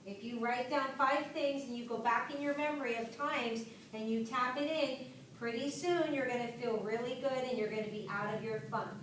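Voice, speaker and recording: Woman, teacher, classroom lecture, high pitch, encouraging, frequent check-ins with students, heavy room echo. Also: fairly even intonation, moderate pace, background noise. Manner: encouraging, checks in with frequent "right?" and "make sense?". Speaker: yoga and health teacher. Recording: echoey classroom from far off.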